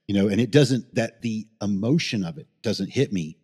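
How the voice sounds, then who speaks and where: A husky, fairly low-voiced middle-aged man rattles off a story at speed, rambling and swearing as he goes. The sound carries a long reverb tail, as if recorded in a large room. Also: animated, mellow. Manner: fast, rambling, swears freely, emotional. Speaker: paramedic guest. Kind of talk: casual storytelling interview.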